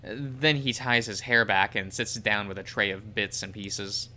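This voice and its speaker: A man's voice: lowish voice, fairly even intonation, unhurried, pushed and bright. A man reading a visual novel aloud as the show's host, in plain narration. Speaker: game reader.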